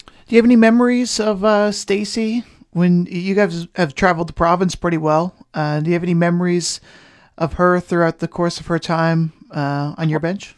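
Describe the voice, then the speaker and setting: A man's voice: sits high, fairly even intonation, normal speed. A male radio reporter interviewing a guest, asking questions with a few hesitant fillers. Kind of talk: news interview.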